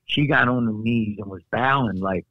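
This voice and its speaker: A middle-aged man, a former wrestler, telling lively stories in casual podcast chat with folksy asides. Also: lowish voice, moderate pace. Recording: slightly dull dry remote audio.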